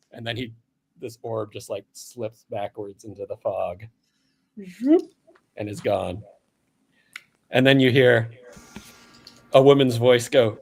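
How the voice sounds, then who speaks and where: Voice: medium pitch, fairly even intonation, a little slow, pauses often, darkish tone. A game master narrating a live-play tabletop game casually, with fillers and frequent laughs.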